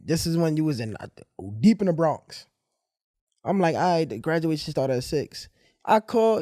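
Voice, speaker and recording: A man hosting a podcast, telling stories in a loose, animated way. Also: on the high side, moderate pace, no room sound, studio quality. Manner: storytelling, animated retelling. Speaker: podcast host. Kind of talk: casual podcast chat.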